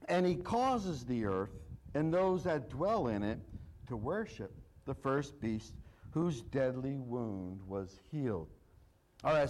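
A man's voice: high voice, low-quality recording. A male pastor preaching a sermon, reading scripture aloud and repeating his points with emphasis.

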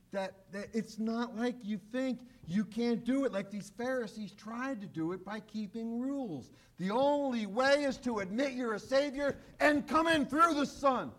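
A man preaching a sermon with emphasis, swinging from loud declarations to quiet, low asides. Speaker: pastor. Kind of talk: radio sermon.

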